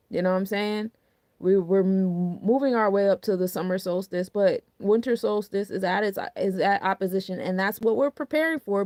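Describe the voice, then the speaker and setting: A woman's voice: medium pitch, no echo, clean studio sound. A woman hosting a casual astrology talk, chatty and full of rhetorical questions, often asking "you know what I'm saying". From New Jersey. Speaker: astrology podcast host.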